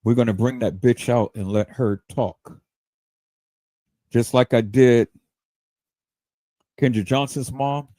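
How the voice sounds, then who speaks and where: A man's voice: mid-range voice, steady tone, slow pace, long pauses, warm tone, no room sound. A man hosting a livestream, ranting in a heated, profane way and stammering repeated words as he goes. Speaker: livestream host. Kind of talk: livestream rant.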